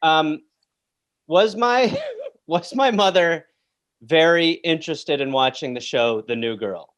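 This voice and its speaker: A man's voice: a little high, expressive, slow, a bit bright, highs cut off. A man hosting a comedy podcast, teasing his mother and guest in casual chat. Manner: teasing, playful. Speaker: podcast host.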